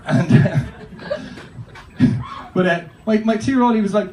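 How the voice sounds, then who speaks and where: A man's voice: sits high, measured pace. A man performing a stand-up comedy set, telling rambling, sweary anecdotes in a loose, chatty way. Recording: roomy, distant, noisy live recording.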